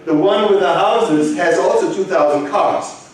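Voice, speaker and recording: A man's voice: high voice, a little slow. A man with a German accent giving a conference lecture, asking the audience questions and joking with them. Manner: engaging, asks the audience questions, jokes. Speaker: conference speaker. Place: large conference hall. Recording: echoey hall, mic from far off.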